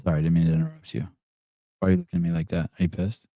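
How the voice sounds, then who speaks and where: A man's voice: sits low, big pitch swings, racing, mellow, no echo, lo-fi sound. A man hosting a podcast, teasing and quizzing a guest in casual, profane banter. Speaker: podcast host. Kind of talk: casual live-show banter.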